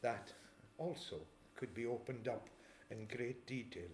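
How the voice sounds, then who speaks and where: A man of ordinary pitch preaches a measured sermon, reading scripture slowly and pausing to explain each verse. He clears his throat now and then. The sound rings around an echoey church with faint ambience behind. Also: a little hiss or hum.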